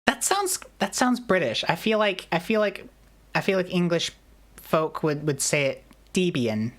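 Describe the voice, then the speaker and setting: A woman's voice: fairly low pitch, lively intonation, normal speed. A woman streamer in casual chat, rambling and joking at her own expense. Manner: rambling, self-deprecating, jokey.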